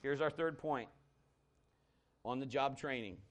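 A male pastor preaching a sermon, telling a personal story in a conversational, animated way that swings between loud and hushed. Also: mid-range voice, measured pace.

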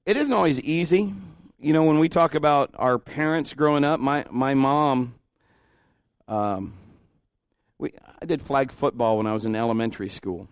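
A man preaching a sermon as pastor, informal and conversational, often rising in pitch and volume as he gets animated. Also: moderate pace, clean tone, no room sound, clean studio sound. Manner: informal and conversational, with restarts and asides.

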